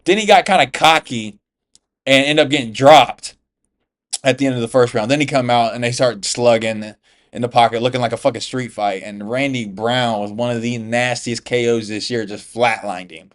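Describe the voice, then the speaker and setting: A man's voice: mid-range voice, normal speed. American guy doing a chill mma reaction vlog, cusses a lot, says bro nonstop, normal mid voice. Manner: slangy, profane, says "bro" constantly. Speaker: MMA YouTuber. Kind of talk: casual fight reaction commentary.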